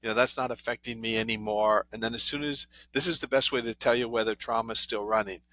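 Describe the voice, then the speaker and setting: A man's voice: mid-range voice, fast, no room sound. A middle-aged man, a trauma therapist, telling stories in a podcast interview and acting out what people said. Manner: animated anecdotes, acts out quoted voices.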